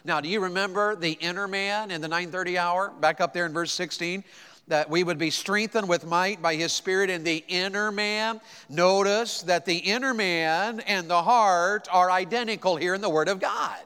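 Southern tennessee preacher guy, high bright voice, folksy and emphatic, big echoey church hall. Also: clean tone. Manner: folksy storytelling preacher, swings between quick asides and slow emphatic lines. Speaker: pastor. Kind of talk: sermon. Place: church auditorium. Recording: long hall reverb.

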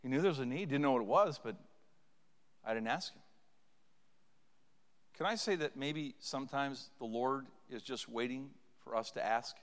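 A man's voice: mid-range voice, lively intonation, normal speed, long pauses, a bit bright, in a large hall. A man preaching an impassioned sermon as pastor, building to fervent cries. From Canada. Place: church sanctuary.

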